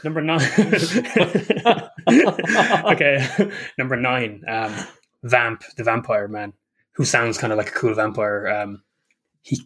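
Husky, joking Irish man. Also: medium pitch, slow, a bit bright. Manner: joking, profane, laughs often. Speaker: podcast co-host. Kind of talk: casual chat.

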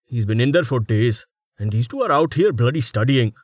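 A man's voice: mid-range voice, expressive, a little fast, slightly rough, dry recording. A man voicing a rude, anxious soldier who speaks curtly with a raised, irritated voice. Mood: impatient.

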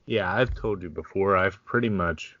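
A man's voice: sits low, normal speed, no room sound. A man co-hosting a podcast in laid-back, profane casual chat, laughing often. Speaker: podcast co-host. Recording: dull lo-fi sound.

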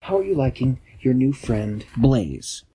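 A man's voice: mid-range voice, expressive, measured pace, warm tone, a little hiss or hum, pitched above the performer's own voice, lightly acted. A man voicing a friendly male ship captain in a bedtime story, in a cheerful, hearty way.

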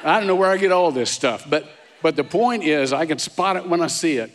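A man's voice: fairly high pitch, animated, fairly quick. A male pastor preaching a sermon in a casual, conversational way, with restarts and self-deprecating asides. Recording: long hall reverb.

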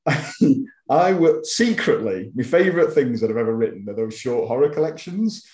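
A man's voice: medium pitch, lively intonation, moderate pace, darkish tone. A man with a Wigan accent, an author chatting as an interview guest, self-deprecating, with frequent stammered restarts. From Wigan, England. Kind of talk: casual interview chat. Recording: echoey room.

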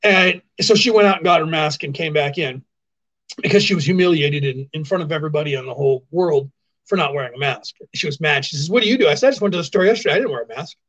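A man's voice: fairly high pitch, fast, a bit bright, rough recording. A man hosting a livestream, ranting in sarcastic casual commentary and repeating his points for emphasis. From California, US. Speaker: livestream show host. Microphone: phone.

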